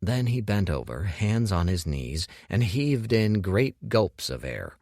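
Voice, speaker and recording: Male audiobook narrator, low voice, lively intonation, dry close sound. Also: slow pace, dry recording. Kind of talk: scripted narration.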